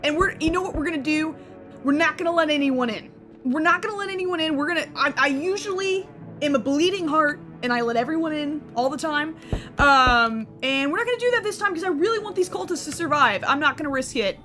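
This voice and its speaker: A woman's voice: high voice, fairly quick, sharp tone, faint music behind. A young woman streamer giving goofy, rambling let's-play commentary and laughing often. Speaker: gaming streamer.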